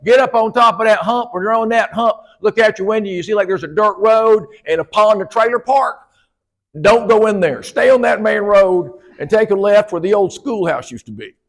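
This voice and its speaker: A man's voice: high voice, expressive, normal speed, gravelly, voice pushed up. A man voicing a crusty old man at a country gas station, drawling folksy directions and calling people boy and son. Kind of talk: comic storytelling.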